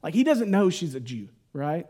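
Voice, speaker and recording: A man delivers a Bible teaching sermon in a relaxed, chatty style. His voice sits high for a man, and he keeps it lively with informal asides. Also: normal speed. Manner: conversational and animated, lots of 'like'. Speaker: preacher.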